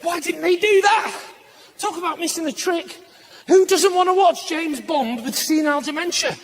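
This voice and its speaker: A man doing stand-up comedy, ranting and slipping into shouted voices for his bits. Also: very high voice, moderate pace. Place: live comedy venue with audience laughter. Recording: noisy live stage recording.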